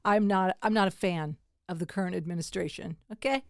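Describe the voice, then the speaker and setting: A woman's voice: on the low side, fairly quick, no room sound, studio quality. An older woman hosting a comedy podcast at home, chatting casually and laughing often. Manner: laughs often, self-deprecating.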